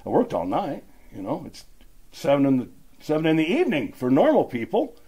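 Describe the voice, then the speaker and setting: Husky middle-aged man telling his story. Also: fairly high pitch, wildly swooping pitch, a little fast, warm tone. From Utah. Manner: rambling storyteller acting out dialogue. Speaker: recovery meeting speaker. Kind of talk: personal recovery story, casual.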